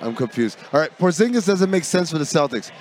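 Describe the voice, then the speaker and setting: A man with a high voice co-hosts a casual sports chat, arguing his takes with playful, mock-confident swagger. A faint hiss sits under the recording. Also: expressive, fairly quick. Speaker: sports podcast co-host.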